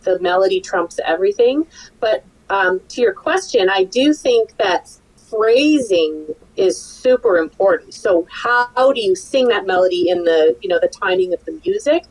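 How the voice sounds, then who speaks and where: A woman's voice: medium pitch, expressive, moderate pace, low-quality recording. A woman who teaches songwriting, talking casually in a roundtable, thinking aloud and sometimes humming melodies as nonsense syllables.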